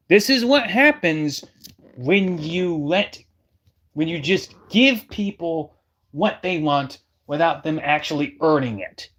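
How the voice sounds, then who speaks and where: A streamer with a slightly high, somewhat bright male voice reacts heatedly and scornfully, speaking straight to his viewers with emphatic delivery.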